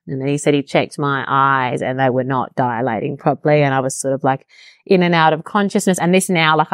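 A woman's voice: low-pitched, no room sound, clean studio sound. A young woman chatting casually as an interview guest, telling a personal story in a self-deprecating way and laughing now and then. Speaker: podcast guest.

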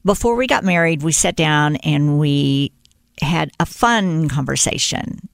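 A woman's voice: low voice, unhurried, creaky, dry recording, clean studio sound. An older woman, a guest in a casual interview, telling stories and acting out quoted lines. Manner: storytelling, animated when quoting.

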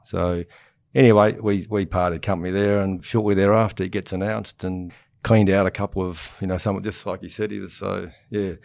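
A man's voice: deep voice, little pitch movement, normal speed, gravelly, darkish tone, no room sound. An Australian man in his sixties, a former chief executive, telling rambling anecdotes as a podcast guest and chuckling as he goes. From Queensland, Australia. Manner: rambling, self-interrupting, chuckles through his stories. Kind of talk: casual anecdotal storytelling.

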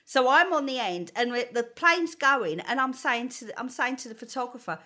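A woman chats with a bright, sharp voice that swoops high and low as she tells a story. She laughs often and acts out what people said, pitched a little above most women. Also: expressive, moderate pace. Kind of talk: casual chat.

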